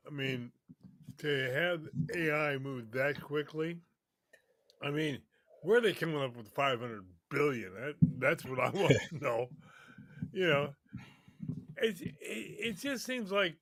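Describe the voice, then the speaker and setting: A laid-back man with a slightly high voice cracks jokes in a casual panel chat. He comes through a dry video call with no room sound. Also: a bit bright, no room sound.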